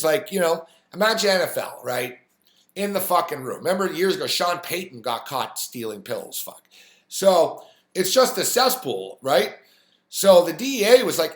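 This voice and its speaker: A man ranting on a sports live stream, swearing freely and acting out the people in his story. His voice sits a little high, and the room gives it a clear echo. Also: animated, moderate pace. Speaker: sports talk host. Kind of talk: profane live-stream rant.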